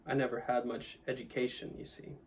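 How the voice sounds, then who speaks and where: A man voicing a humble, deferential male cabman of country stock who talks slowly and plainly, somewhat far from the mic. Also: mid-range voice, little pitch movement, slight background noise, natural voice.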